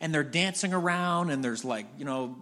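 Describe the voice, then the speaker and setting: A man preaching a sermon as a pastor, retelling scripture in a conversational storytelling way with frequent restarts. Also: normal speed. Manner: drops to soft low voice in prayer.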